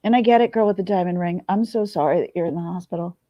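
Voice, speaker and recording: A woman's voice: on the low side, fast, no room sound, dull audio. Candid tearful woman venting to camera. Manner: candid, tearful at times, swears freely. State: teary. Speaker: vlogger. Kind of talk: emotional confessional talk to camera.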